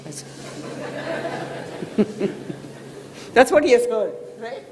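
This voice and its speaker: A woman's voice: fairly high pitch, big pitch swings, slow, pauses often, noisy background. A woman with an Indian English accent giving a public talk as a financial expert, explaining with frequent "right?" checks to the audience. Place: hotel event hall.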